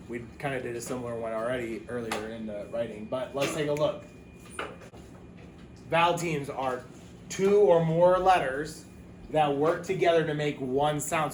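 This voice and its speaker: A male teacher giving a patient, encouraging phonics lesson for young children, sounding words out slowly. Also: a little high, echoey room, slight background noise.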